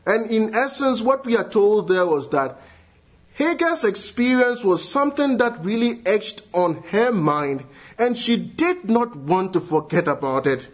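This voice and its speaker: A high-pitched man preaching with earnest conviction, dropping to quiet lines and then climbing into emphatic appeals. The recording is dull and lo-fi, its highs muffled. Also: animated, unhurried. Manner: earnest, swings between hushed and rising emphatic appeals. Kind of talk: sermon. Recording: dull lo-fi sound.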